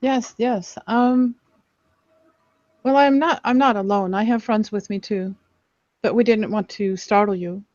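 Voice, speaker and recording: A woman's voice: mid-range voice, a little slow, pauses often, darkish tone, no echo, natural voice. A woman voicing a small, sneaky, friendly female hobbit in a tabletop game, in dull, dry audio.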